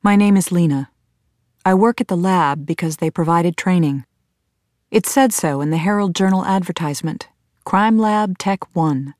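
A woman reading a first-person audiobook in a measured, tense storytelling manner. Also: lowish voice, darkish tone, no echo, studio quality. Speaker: audiobook narrator.

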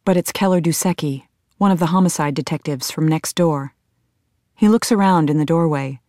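A woman reading a first-person audiobook in a measured, tense storytelling manner. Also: sits low, dark tone, no echo, clean studio sound. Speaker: audiobook narrator.

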